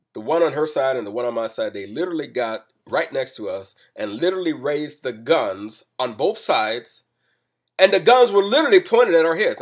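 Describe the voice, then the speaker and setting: A man telling a personal story in a calm, measured way, explaining step by step. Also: medium pitch. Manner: calm and measured, rising to loud reenactments. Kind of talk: spoken personal account, explanatory.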